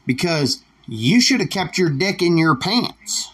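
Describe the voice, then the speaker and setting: Male podcaster, husky slow drawl, blunt and cussing. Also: a little high, big pitch swings, a bit bright. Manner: profane, blunt, defiant. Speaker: podcast host. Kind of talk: solo opinion rant.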